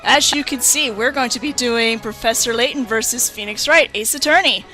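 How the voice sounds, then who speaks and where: A young woman hosting a let's play, chatting excitedly through gameplay commentary. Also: on the high side, moderate pace, soft background music. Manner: excitable and giggly.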